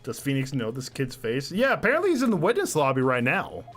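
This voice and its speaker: A man co-playing a game on a let's play, chatting and reacting quickly to the story. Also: medium pitch, huge pitch swings, fairly bright tone, faint music behind. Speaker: co-player. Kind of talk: casual gameplay commentary.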